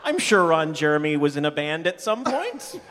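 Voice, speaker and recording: A man's voice: fairly high pitch, very animated, moderate pace, a bit bright. A man fronting a comedy band on a big stage, bantering and swearing with a crowd of over a thousand. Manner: profane, teasing, leads the crowd. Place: large venue before a crowd of over a thousand. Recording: live concert hall with crowd and music.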